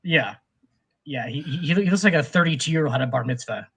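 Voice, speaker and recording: Male co-host, high voice, profane rambling sports-chat storyteller. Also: lively intonation, fairly quick, vocal fry, a bit bright, slightly rough. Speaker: podcast co-host. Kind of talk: casual sports talk.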